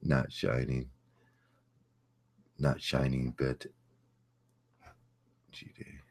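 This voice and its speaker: A man hosting a casual livestream, greeting chat viewers and telling a story in a rambling, halting way with many fillers. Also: steady tone. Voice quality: very deep voice. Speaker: livestream host.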